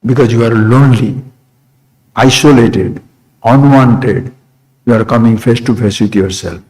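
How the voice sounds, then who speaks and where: Here a man teaching spirituality keeps a measured pace, relying on short, recurring phrases and rhetorical questions while moving from soft asides to sudden high emphasis. The audio is poor.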